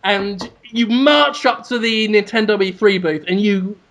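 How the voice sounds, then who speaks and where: A man co-hosting a podcast, telling a sweary comic story with shouted mock proclamations. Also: sits high, measured pace. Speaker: podcast co-host. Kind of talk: casual comedic storytelling.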